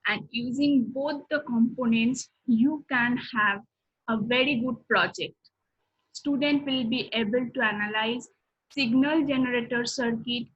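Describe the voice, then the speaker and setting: Woman lecturer, husky and a bit high, steady explainer, dull lo-fi recording. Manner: steady, explanatory, lists topics one by one.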